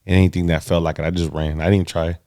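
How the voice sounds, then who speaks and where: A man co-hosting a podcast in casual chat, laid-back and reflective, quick to joke. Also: low-pitched, flat delivery, darkish tone, no echo, clean studio sound. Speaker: podcast co-host.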